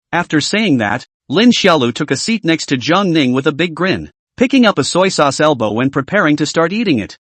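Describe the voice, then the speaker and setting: Man, narrator, comic story recap, read aloud, animated pitch, dry close sound. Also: brisk, hardly any pauses, no echo.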